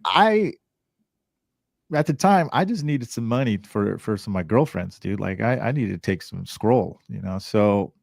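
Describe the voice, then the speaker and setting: A man, a podcast guest, telling a lively and casual story, swearing and acting out the voices of the people in it. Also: on the low side, measured pace, vocal fry, no echo, studio quality. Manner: animated, swearing, acts out voices.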